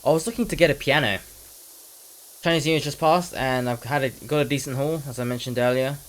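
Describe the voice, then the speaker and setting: A man's voice: mid-range voice, steady tone, fairly quick, poor audio. A nineteen-year-old man chatting casually while playing a game, rambling and making jokes at his own expense, now and then slipping into a mock British slang voice. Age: teens. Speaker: gaming commentator.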